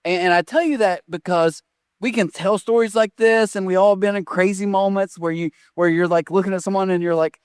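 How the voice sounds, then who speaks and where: A man's voice: fairly high pitch, fairly quick, no room sound, studio quality. A man preaching a sermon, telling a story with lots of rhetorical questions. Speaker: pastor.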